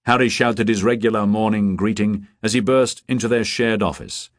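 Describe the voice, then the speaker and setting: A man narrating a novel as an audiobook, measured and expressive. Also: fairly low pitch, dry recording, clean studio sound. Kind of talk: scripted narration.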